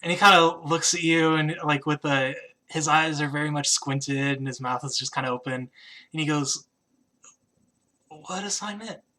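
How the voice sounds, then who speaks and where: Man game master, bright voice, casual halting narration. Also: fairly high pitch, flat delivery.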